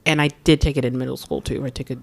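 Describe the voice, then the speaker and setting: A woman's voice: a bass voice, fairly even intonation, rapid-fire, vocal fry, darkish tone, slightly rough. A woman co-hosting a podcast, rambling through a story with casual swearing. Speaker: podcast co-host. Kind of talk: casual chat.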